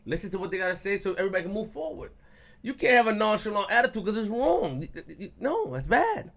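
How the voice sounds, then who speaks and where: A man's voice: high-pitched, sing-song, fast talker, fairly bright tone. A thirty-year-old man hosting a podcast in casual chat, brash and teasing, swearing freely. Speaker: podcast host.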